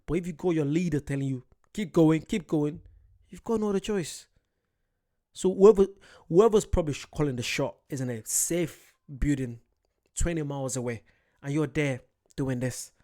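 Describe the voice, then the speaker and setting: A British man with a slightly raised voice reacts to a video, musing out loud. He talks casually and hesitantly, often restarting his sentences as he works through his thoughts. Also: a little high, normal speed. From Britain. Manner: thinking aloud, hesitant, many restarts. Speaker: reaction channel host.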